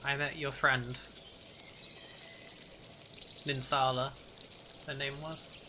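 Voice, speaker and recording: A man's voice: medium pitch, flat delivery, background noise, lightly acted. Man voicing a frightened timid young woman. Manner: hesitant, halting, soft-spoken.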